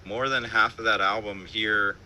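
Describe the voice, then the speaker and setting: A man's voice: lowish voice, fairly even intonation, a little slow, sharp tone, a little hiss or hum, poor audio. A man, a band musician, telling stories from his home during an interview. He rambles in a laid-back way, leaning on fillers, swearing and laughing. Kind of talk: casual interview storytelling.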